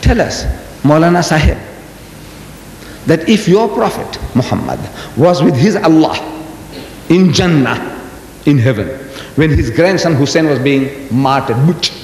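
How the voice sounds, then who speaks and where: An old lecturer briefly slips into a pushy missionary, badgering a rival with insistent, slightly raised questions. The voice rings through a reverberant hall over a faint rumble. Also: male voice, lively intonation, unhurried, creaky, pauses often, darkish tone. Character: pushy Christian missionary man pressing a debate opponent.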